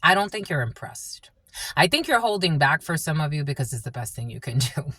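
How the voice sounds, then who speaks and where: A woman in her thirties delivers a tarot reading bluntly, swearing often and repeating herself. Her voice sits low, swings widely in pitch and has a bright, forceful edge. The sound is close and dry. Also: sing-song, a little fast, husky, dry recording. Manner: profane, blunt and repetitive. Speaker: tarot reader. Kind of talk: angry spiritual tarot reading.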